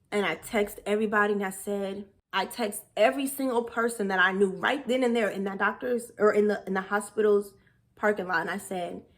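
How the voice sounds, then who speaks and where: A young woman telling a personal story candidly and emotionally, acting out what others said as she goes. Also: mid-range voice. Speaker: vlogger.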